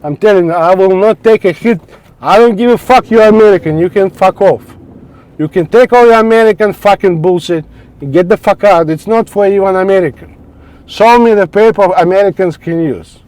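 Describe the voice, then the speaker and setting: A man's voice: high voice, fairly quick, darkish tone. A man ranting angrily to camera in a vlog, swearing constantly and repeating himself in broken phrases. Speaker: vlogger. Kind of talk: angry profane rant to camera. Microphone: wireless clip mic.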